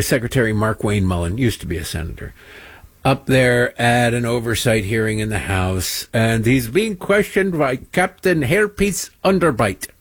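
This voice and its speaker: A man's voice: husky, dry recording. A man hosting a political talk show, giving sarcastic, mocking commentary between played clips. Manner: mocking, mimics people in high silly voices.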